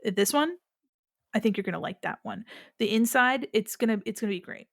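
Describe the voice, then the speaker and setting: A woman plays a tiny rabbit-folk boy who farms eggs, bursting with pride in every hen. He chatters eagerly in a high, bright voice, acting far older than he is. The sound is dry and close. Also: brisk, vocal fry, no room sound. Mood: proud chatter. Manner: eager, chattering, acts grown up. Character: tiny joyful male rabbit-folk egg farmer, childlike. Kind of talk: tabletop game character voice.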